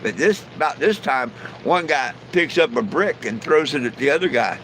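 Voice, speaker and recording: A man's voice: a little high, lively intonation, normal speed, fairly bright tone, slight background noise, poor audio. A man hosting a live stream, telling jokes in a folksy, rambling way with lots of "you know". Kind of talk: casual joke telling.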